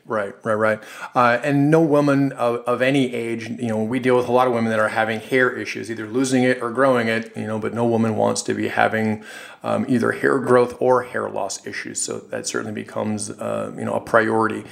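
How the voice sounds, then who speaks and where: A man co-hosting a health podcast, speaking in a halting way with many fillers as he agrees and adds points. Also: lowish voice, flat delivery, creaky. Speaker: podcast co-host, health practitioner. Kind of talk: casual health podcast discussion.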